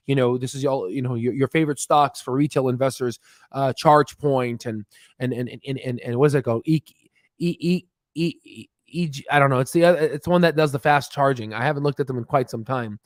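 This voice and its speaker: A man walking viewers through stock market charts in a casual, quick explainer with many restarts and fillers. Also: mid-range voice, no room sound, clean studio sound. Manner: many fillers and restarts, talks fast on purpose.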